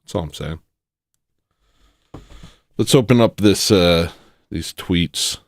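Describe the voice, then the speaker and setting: A man hosting satirical commentary, rambling and joking with loud sudden bursts. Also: sits low, takes it slowly, no echo, clean studio sound. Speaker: commentary host.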